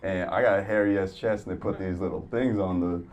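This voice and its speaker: Male stand-up comic, low-pitched, profane and animated, club stage sound, mic a bit far, noisy room. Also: a little fast, highs cut off. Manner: profane, animated storytelling, acting out quotes. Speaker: stand-up comedian. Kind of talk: stand-up comedy set. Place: comedy club stage before a laughing crowd. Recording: distant mic, audible room noise.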